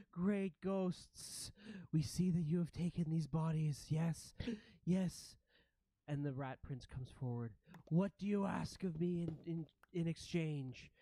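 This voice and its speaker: A game master voicing a fawning male rat prince who wheedles and keeps asking "yes?" in a raised, louder voice. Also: medium pitch, unhurried, no echo, close to an everyday voice. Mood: grateful.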